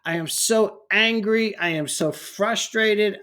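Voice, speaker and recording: A man's voice: high-pitched, takes it slowly, few pauses, bright, forceful tone. A man ranting heatedly in a political commentary vlog, often stumbling over his words.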